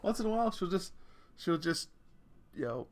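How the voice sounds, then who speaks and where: A man's voice: sits high, sing-song, normal speed. A man in his forties hosting a podcast, telling stories in a casual, chatty way, laughing often and swearing casually. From Canada. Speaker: podcast host. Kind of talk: casual storytelling rant.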